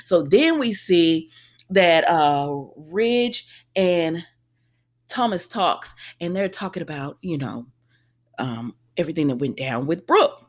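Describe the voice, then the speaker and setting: A woman's voice: on the low side, takes it slowly. A woman casually recapping a soap opera episode, paraphrasing the characters and reacting with exclamations while talking to her viewers. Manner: animated, exclaims, paraphrases dialogue, addresses viewers as y'all. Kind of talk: casual chat.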